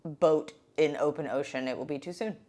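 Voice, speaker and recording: A woman's voice: deep voice, moderate pace, warm tone. A woman co-hosting a casual podcast, chiming in with short reactions and teasing remarks. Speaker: podcast co-host. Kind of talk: casual chat.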